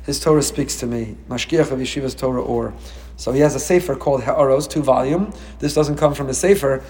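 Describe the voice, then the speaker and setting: A man teaching a Torah lecture as a rabbi, animated and acting out dialogue with sudden rises in pitch. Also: fairly quick, in a large hall.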